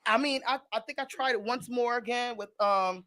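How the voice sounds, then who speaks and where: A woman's voice: fairly high pitch, normal speed, sharp tone, no echo, clean studio sound. A woman radio host with a Southern US accent, talking in a casual, emotional way and laughing easily. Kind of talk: casual talk radio chat.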